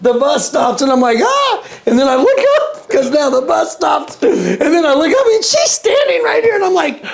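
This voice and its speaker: A man being interviewed, telling a story in an animated way, acting out the voices and laughing as he goes. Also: moderate pace, creaky. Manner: acts out quotes with big pitch jumps and laughter. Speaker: interview guest.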